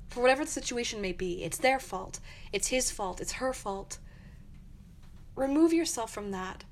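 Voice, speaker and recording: A woman's voice: medium pitch, a little hiss or hum. A young woman hosting her own podcast, giving earnest, encouraging advice in a reflective monologue. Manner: earnest, encouraging, acts out angry quotes. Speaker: podcast host.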